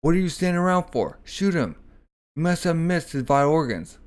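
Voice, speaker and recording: A man's voice: a little high, lively intonation, a little fast, voice pushed up, lightly acted. A man reading as an alarmed police officer.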